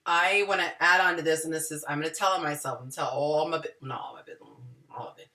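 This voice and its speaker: A woman hosting a casual group video call, telling stories with a lively, self-mocking energy. Her low-set voice is bright and sharp-edged and moves all over the place, and she sounds a little far from her mic. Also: brisk. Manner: animated, self-deprecating storyteller with acted-out quotes. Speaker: host.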